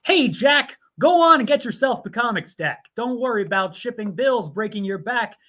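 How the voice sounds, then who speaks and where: A man's voice: very high voice, lively intonation, normal speed, pushed and bright, a little hiss or hum. A man co-hosting a show, mixing casual chat with joking, playfully scripted ad reads. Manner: jokey, playful. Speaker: co-host.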